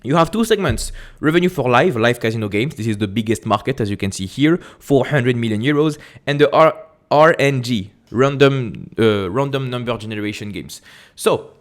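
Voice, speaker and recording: A man with a French accent hosting an investing channel, commenting on an earnings report while sharing his screen, reading haltingly, correcting himself and breaking off into quick asides. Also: medium pitch, expressive. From France.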